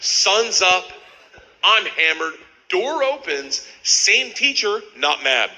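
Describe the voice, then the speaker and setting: Loud animated male comedian. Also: slow, low-quality recording. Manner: loud, animated, yelling punchlines in high voices. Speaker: stand-up comedian. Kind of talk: stand-up storytelling.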